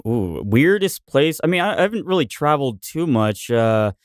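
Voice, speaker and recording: A man's voice: medium pitch, sing-song, moderate pace, no echo, studio quality. A man who is a podcast guest, telling a rambling story in casual chat.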